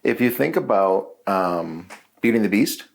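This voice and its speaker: A man paranormal investigator talking casually in a halting, hesitant way during a ghost hunt. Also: on the low side, expressive, creaky. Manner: halting, hesitant, often restarting sentences.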